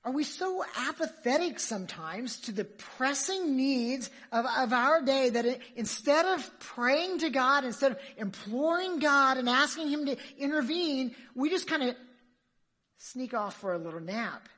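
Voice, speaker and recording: A woman's voice: sits high, lively intonation, unhurried, a bit bright. A woman preacher giving an emphatic sermon, full of rhetorical questions to her listeners.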